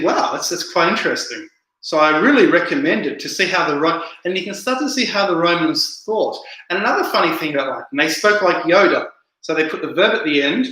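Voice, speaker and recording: A man's voice: fairly high pitch, sharp tone. A man hosting a casual livestream, rambling and repeating words as he answers viewer comments. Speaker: livestream host reading chat. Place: indoor room, home livestream. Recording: very echoey room.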